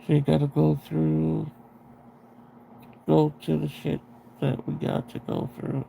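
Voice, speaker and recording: A man's voice: on the high side, completely flat delivery, slow, creaky, mellow, a little hiss or hum. A man hosting a livestream, chatting casually with his viewers in a rambling way, restarting sentences and laughing at himself, into a sensitive close microphone. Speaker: livestream host.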